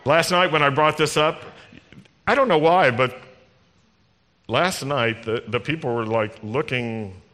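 A man with a mid-range, slightly bright voice preaches a sermon as a rabbi, speaking at a measured pace with frequent pauses. He addresses the congregation directly in a conversational, teasing manner. The recording was made in a large congregation hall with long reverb.

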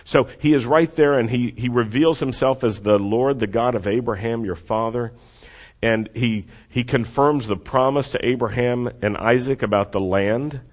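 A man preaching a sermon with expressive delivery, leading the congregation to repeat lines after him. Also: fairly low pitch, muffled recording. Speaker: pastor.

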